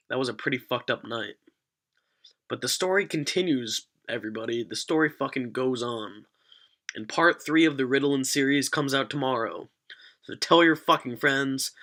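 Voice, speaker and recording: A man's voice: mid-range voice, sharp tone. A young man vlogger telling a rambling, profane story in a casual storytelling vlog.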